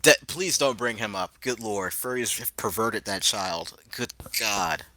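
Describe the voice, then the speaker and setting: A man hosts a casual podcast, ranting in a heated, profane tone. His voice is very forceful and sharp, with a lively, swinging pitch. The sound is dry and close. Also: unhurried, dry recording. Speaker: podcast host.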